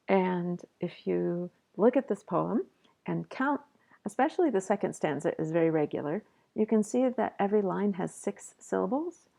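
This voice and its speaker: A middle-aged woman professor giving a measured, explanatory poetry lecture and reading a poem aloud. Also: fairly low pitch, lively intonation, vocal fry, warm tone. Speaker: college professor.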